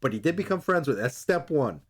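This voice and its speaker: A man's voice: mid-range voice, sing-song, fast. A man chatting casually, swearing freely and acting out characters' lines as he recaps a show. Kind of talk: casual chat recapping an anime episode.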